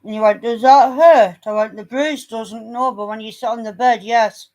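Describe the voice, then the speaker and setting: A woman chatting, blunt and fairly high-pitched. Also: steady tone, moderate pace, dull audio. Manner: blunt, swears freely, teasing. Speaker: vlogger. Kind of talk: casual chat.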